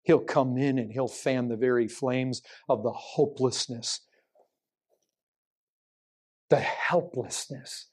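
A man preaching a sermon, full of rhetorical questions and swinging between raised, urgent lines and low, hushed ones. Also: fairly even intonation, slow, long pauses.

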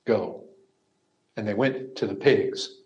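A man preaching a sermon, emphatic, moving from raised, ringing lines to quiet, hushed asides. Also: on the low side, slow pace, muffled recording. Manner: emphatic, swings between loud cries and hushed asides.

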